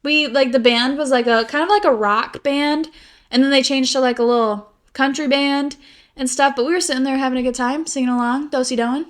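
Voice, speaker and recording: A woman's voice: sits high, fairly even intonation, fairly quick. A young woman co-hosting a podcast, chatting casually in a rambling, giggly way with lots of "like". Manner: rambling, giggly, heavy use of "like". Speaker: podcast co-host. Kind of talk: casual chat.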